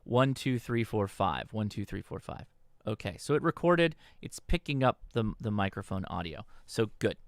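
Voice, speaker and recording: A man's voice: on the low side, lively intonation, moderate pace, no room sound, studio quality. A man hosting a livestream tutorial, talking through a setup step by step in an instructional tone and checking in with the audience. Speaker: host. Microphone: desk microphone.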